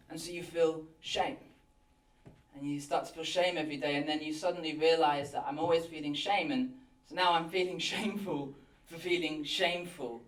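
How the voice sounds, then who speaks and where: Earnest pastor preaching in a hall. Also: male voice, a little high, normal speed. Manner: earnest and animated, acting out inner thoughts. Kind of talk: sermon. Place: church hall. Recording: roomy hall from a distance.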